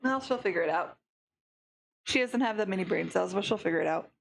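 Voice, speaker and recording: A woman's voice: medium pitch, lively intonation, brisk, vocal fry, slight background noise. A woman voicing a languid, sneering young male monster, drawling every line with derision while reading a visual novel aloud. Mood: derisive.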